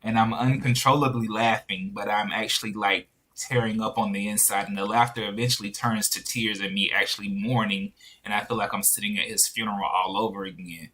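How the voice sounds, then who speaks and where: A man speaking sincerely and in a measured way on a church panel discussion. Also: on the low side, fairly even intonation, bright, forceful tone.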